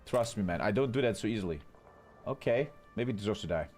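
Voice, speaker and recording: Male game-stream caster, chatty and profane, lively pitch. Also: fast, faint music behind. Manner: chatty, swears freely, talks to chat. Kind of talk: casual live-stream commentary.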